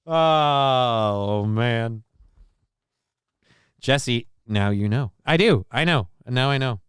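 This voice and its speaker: A man's voice: medium pitch, animated, slow pace, clean tone, dry recording, clean studio sound. Profane, rambling male stream host. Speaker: livestream show host. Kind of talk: casual livestream chat, reading viewer comments.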